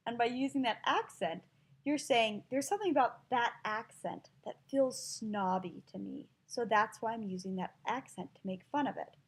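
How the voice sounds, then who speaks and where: A woman from Utah teaching a classroom listening lesson in a slow, clear, explanatory manner. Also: on the high side.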